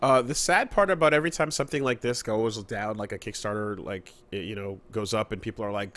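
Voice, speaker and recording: A man's voice: on the low side, fairly quick, hardly any pauses, a bit bright. A man co-hosting a podcast, talking casually and rambling with lots of fillers and restarts. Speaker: podcast co-host.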